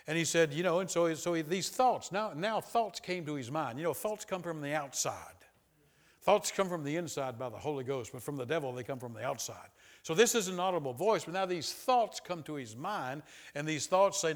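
A man preaching a sermon, retelling a story with quoted dialogue in a conversational way and building to loud, emphatic peaks. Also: fairly high pitch, lively intonation, moderate pace. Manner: conversational, frequent "you know" asides.

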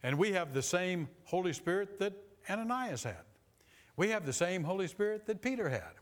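A man preaching a sermon in a folksy, animated way, retelling scripture in plain talk. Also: high-pitched, moderate pace. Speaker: pastor.

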